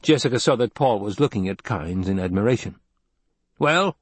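A man narrating a novel in a measured, even storytelling voice. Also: fairly low pitch, husky, no room sound. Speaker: audiobook narrator. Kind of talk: scripted narration.

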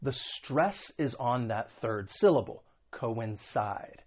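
A man from the United States teaching an online English vocabulary lesson, stressing example words slowly and carefully. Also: medium pitch, lively intonation, muffled recording.

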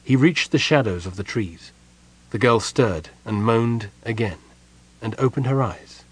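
A man narrating a fantasy audiobook in a steady, even storytelling voice. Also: medium pitch, a little slow, slightly rough. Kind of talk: scripted narration.

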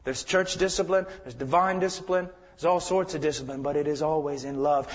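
A man preaches with a voice pitched higher than most men. His delivery moves between hushed, whispered intimacy and loud, urgent exhortation. The lo-fi recording rings with the long reverb of a large hall. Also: fairly quick, hardly any pauses. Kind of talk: sermon.

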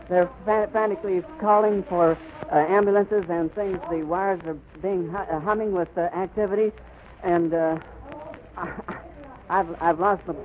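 Crackly 1930s radio reporter, high voice. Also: male voice. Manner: vivid, flowing description. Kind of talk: live on-the-spot radio report. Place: outdoors on an airfield. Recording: crackly 1930s radio recording, phone-like band.

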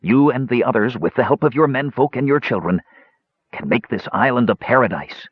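A man's voice: medium pitch, lively intonation, fairly quick, breathy edge, no room sound, voice pushed up. A man voicing a flashy dwarf who is secretly an ancient god, speaking in stern, commanding tones. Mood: kindly. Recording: dull lo-fi dry recording.

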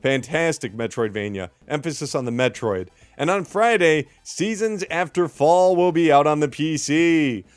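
A man's voice: fairly high pitch, lively intonation, moderate pace, hardly any pauses, dry recording. Sarcastic man hosting a gaming podcast. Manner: sarcastic, mock-dramatic, exaggerated outrage. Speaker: podcast host. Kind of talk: energetic gaming news podcast.

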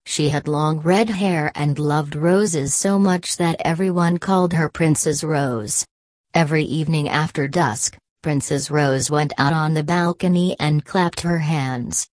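A woman tells a fairy tale in a calm, measured way. Her voice is low, and the recording is dry and close, with no room echo. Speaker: storyteller. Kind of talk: scripted fairy tale narration.

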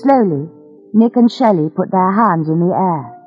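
A woman reading a graded-reader story aloud in a slow, careful, clear way. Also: lowish voice, animated, dull audio, faint music behind. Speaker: narrator. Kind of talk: graded-reader audiobook narration.

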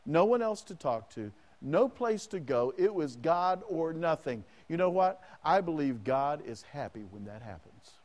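A man's voice: a little high, very animated, unhurried, few pauses, a little mellow. A man preaching a sermon as pastor, asking the congregation questions and acting out prayers in the first person.

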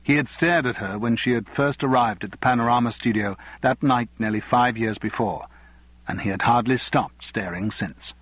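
Husky male audiobook narrator. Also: mid-range voice, moderate pace, fairly bright tone, no echo, highs cut off. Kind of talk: scripted narration.

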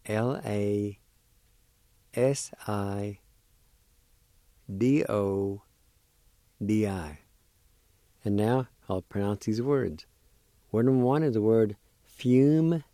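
A man patiently teaching words syllable by syllable on a radio lesson, repeating each sound slowly. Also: on the low side, dark tone, no echo. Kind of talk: slow spelling and pronunciation lesson.

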